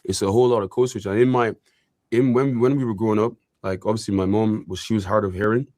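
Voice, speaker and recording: A man's voice: fairly low pitch, fairly even intonation, quick pace, darkish tone, dry recording, studio quality. A young man from Ireland, talking as an interview guest in a casual, rambling way full of fillers. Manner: rambling, filler-heavy, with frequent likes and you-knows. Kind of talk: casual conversation.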